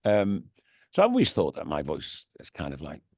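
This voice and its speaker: A man's voice: very deep voice, wildly swooping pitch, moderate pace, breathy edge, no room sound, clean studio sound. A middle-aged man with a Liverpool accent, talking in a casual, rambling way in an interview, with lots of "you know what I mean". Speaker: radio DJ and TV presenter, interview guest. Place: radio studio.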